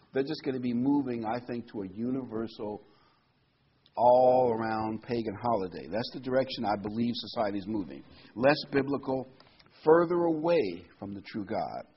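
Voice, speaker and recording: A man's voice: medium pitch, breathy edge, muffled recording. A man delivering a sermon, reading Bible verses aloud and then explaining them in plain everyday words. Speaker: preacher.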